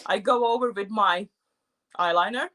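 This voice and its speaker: A woman's voice: medium pitch, moderate pace. A Latvian-born woman with Latvian as her first language, co-hosting a casual, playful chat while doing her makeup at home. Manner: animated, playful, laughs at herself. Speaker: co-host.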